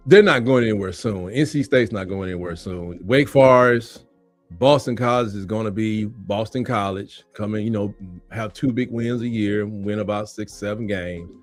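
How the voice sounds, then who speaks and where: A man co-hosting a casual sports talk show, an animated storyteller who laughs often and keeps repeating his catchphrases. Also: fairly low pitch, normal speed, faint music behind.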